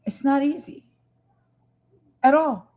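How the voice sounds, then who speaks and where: With a high but dark-toned voice, a woman hosting a livestream talks slowly to her viewers. Her commentary is emotional, and she addresses them directly with earnest passion.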